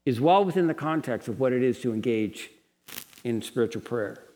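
A man's voice: mid-range voice, animated, moderate pace, darkish tone, in a large hall. A man preaching a sermon at a Bible college in an earnest, lecturing tone that rises into passionate pleading.

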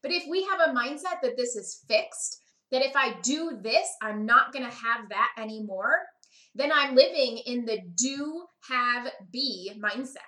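A woman with a high, bright voice hosts a podcast, explaining ideas in a lively, conversational way. She keeps checking in with her listeners as she talks. The sound rings with the echo of the room. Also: unhurried. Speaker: podcast host. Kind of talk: podcast teaching talk.

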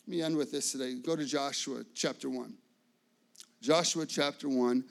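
A man preaching a sermon, telling a personal story with lively acted-out dialogue and frequent fillers. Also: mid-range voice, normal speed, creaky. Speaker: pastor.

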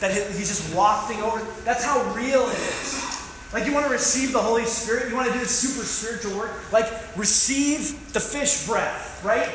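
Male pastor, high voice, playful animated sermon delivery, reverberant church hall. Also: normal speed, a little hiss or hum. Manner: animated, joking, acts out scenes. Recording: echoey hall with faint room ambience.

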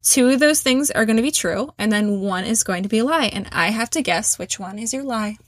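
A woman with a fairly high voice hosts a relaxed podcast chat, upbeat and encouraging, quick to laugh along with her guest. The sound is very dry and close, with no room around her. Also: no room sound. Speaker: podcast host. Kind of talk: casual interview chat.

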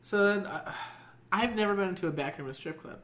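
A man's voice: sits high, quick pace. A young man casually telling a long story, swearing and laughing a lot. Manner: profane, laughs often, animated.

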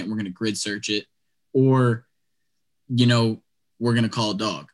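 Speaking at a normal speed with a medium pitch, a young man relays a long story on a podcast. His delivery is casual, lively and talkative, peppered with "like" and "dude."

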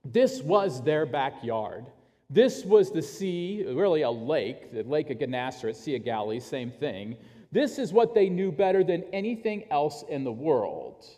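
A man preaching a sermon as pastor, telling stories in an earnest, animated way. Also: a little high, measured pace. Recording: long hall reverb.

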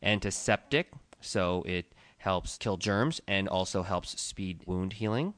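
A man's voice: deep voice, takes it slowly, fairly bright tone, no room sound. A man co-hosting a casual podcast chat, steadily explaining the uses of an herbal tea and listing its properties. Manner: explanatory, lists facts steadily. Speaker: podcast co-host, tea shop owner.

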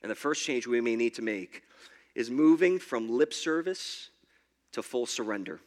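A man's voice: medium pitch, lively intonation, moderate pace. A man pastor preaching a sermon in a church in a conversational way, often stammering and repeating his words. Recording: long hall reverb.

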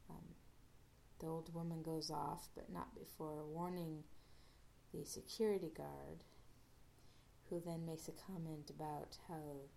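A woman hosts a podcast and recaps an episode in a loose, rambling way, full of fillers and restarts. Her voice sits low and has a gravelly fry. The tone is dark and mellow. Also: steady tone, a little slow, a little hiss or hum. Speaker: podcast host.

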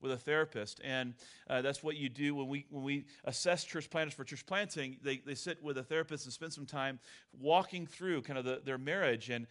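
A man's voice: medium pitch, brisk, a bit bright. Middle-aged guy preaching, chatty and candid, telling stories from his own life. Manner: conversational, candid storytelling. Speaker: pastor. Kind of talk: sermon.

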